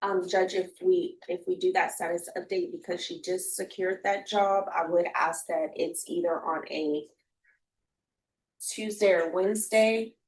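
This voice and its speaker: A woman's voice: on the low side, steady tone, a little slow, darkish tone, rough recording. A woman attorney addressing a judge in court, hesitant with frequent fillers. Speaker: defense attorney. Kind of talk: courtroom proceedings.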